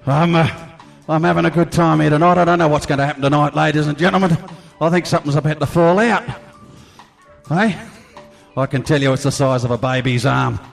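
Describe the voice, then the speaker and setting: A man's voice: a little high, brisk, vocal fry, in a large hall, faint music behind. A man playing a crude, boozy, middle-aged Australian entertainer with an Australian accent, rambling half drunk in live character comedy and laughing at his own jokes. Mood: boastful. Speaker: stage comic performer.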